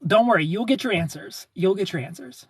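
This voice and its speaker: Brisk and high-voiced, with vocal fry and a breathy edge, a young livestream host goes through viewer comments in animated, casual chatter. He rambles, repeats phrases and laughs, and there's no echo.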